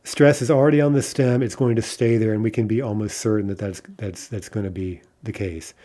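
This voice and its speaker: Man teaching a language lesson, very dark voice. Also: lowish voice, fairly even intonation, fairly quick. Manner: methodical, checks in with "right?" and "okay".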